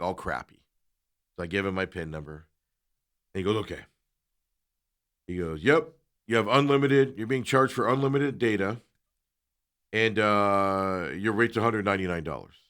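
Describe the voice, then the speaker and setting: Male talk host, lowish voice, casual anecdote, plays out both sides of the dialogue. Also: a bit bright. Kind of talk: casual storytelling chat.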